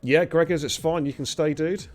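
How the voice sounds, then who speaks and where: A man's voice: on the high side, steady tone, normal speed, soft background music. A man hosting a racing league live stream, bantering and teasing the drivers in casual commentary. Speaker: race league host.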